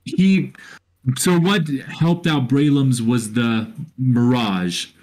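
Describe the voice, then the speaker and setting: A man narrating a tabletop battle as dungeon master, drawing out each scene in slow, descriptive lines. His voice sits at an ordinary middle pitch, and he stops now and then to find the next word. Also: darkish tone.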